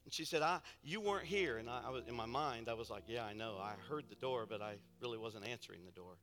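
A man's voice: lowish voice, fast, soft background music. A man preaching a sermon as pastor, telling a story with fervent delivery. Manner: storytelling, building to loud preaching; soft and intimate in storytelling, loud and fervent in exhortation.

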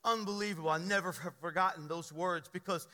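A male pastor with a high, bright voice preaches earnestly, weaving his own story into the sermon. His voice rings out with a long hall reverb, as if in a church sanctuary. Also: steady tone, fairly quick. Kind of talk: sermon with personal testimony.

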